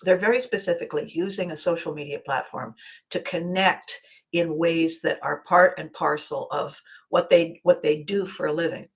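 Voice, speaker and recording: A woman's voice: low voice, steady tone, moderate pace, rough recording. A middle-aged woman hosting a casual livestream chat, talky and laughing often, restarting her sentences. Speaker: host.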